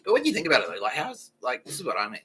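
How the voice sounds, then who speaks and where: A man's voice: medium pitch, huge pitch swings, very fast, over music, low-quality recording. A man hosting a comedy podcast, rambling through jokes, swearing and laughing at his own lines. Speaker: podcast host.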